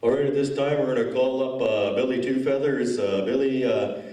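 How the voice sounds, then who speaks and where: A man imitating a halting older man elder announcing at a gathering, full of fillers. The recording is roomy and distant. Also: medium pitch, warm tone, pitched below the performer's own voice, natural voice. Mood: fumbling. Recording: roomy hall audio from a distance.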